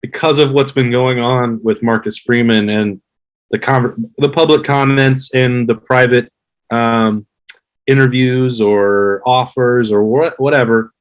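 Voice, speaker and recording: A man in his thirties, a guest on a sports podcast, giving measured, analytical views in casual chat. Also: medium pitch, steady tone, clear, resonant tone, poor audio. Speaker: podcast guest, former player.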